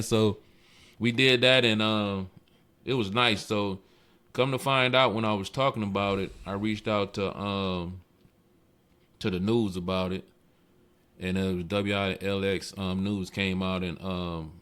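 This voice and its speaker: A man's voice: a little slow, clean tone. A man, a car club president, telling stories in a casual interview and acting out the voices of the people he quotes. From Michigan. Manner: animated, acts out quoted voices with big jumps in pitch.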